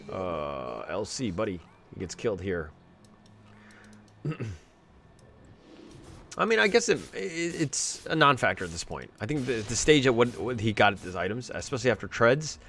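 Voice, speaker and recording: Male game analyst, animated pitch, chatty asides, faint hiss behind. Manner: chatty, joking asides, builds excitement on fights. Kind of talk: replay commentary.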